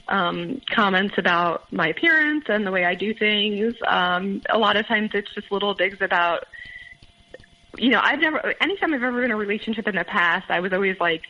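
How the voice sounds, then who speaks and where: A woman in her thirties, a guest recounting her own past in a halting way, with many fillers and restarts. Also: mid-range voice. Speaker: interview guest. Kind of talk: candid personal storytelling. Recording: muffled phone-line audio.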